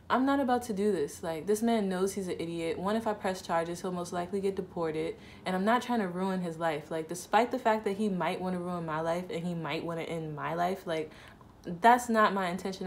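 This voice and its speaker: A woman's voice: lowish voice, a little hiss or hum. A woman, casually telling a personal story to camera on her channel and acting out both sides of an argument. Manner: frequent "like" fillers, conversational.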